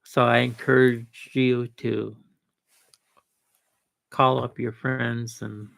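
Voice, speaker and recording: A man with a deeply gravelly, creaky voice hosts a live stream, talking in a slow, meandering way. His tone is bright and forward, and the sound is close and dry. He stumbles and restarts often but asserts himself with easy confidence. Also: flat delivery, no echo. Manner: rambling, with self-assured asides and many restarts. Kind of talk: casual live-stream chat.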